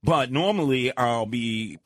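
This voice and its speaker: A man's voice: medium pitch, expressive, slow pace, no echo, studio quality. Blustery New man telling stories. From Brooklyn, New York. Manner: loud, blustery, acts out his own shouting. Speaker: radio co-host. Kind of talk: animated storytelling.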